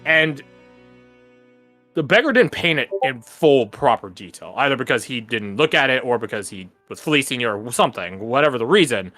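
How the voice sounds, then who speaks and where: Bright-voiced male game master, rambling. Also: mid-range voice, sing-song, moderate pace, faint music behind. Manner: casual, rambling, heavy on filler words. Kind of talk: narrating a tabletop game.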